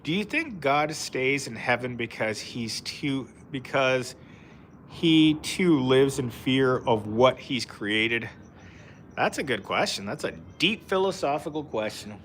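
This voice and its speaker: Slow, fairly bright and lively in intonation, this man's mid-range voice carries a bit of background noise. He's live-streaming in a park, reading viewer comments and chatting loosely, full of fillers and laughter.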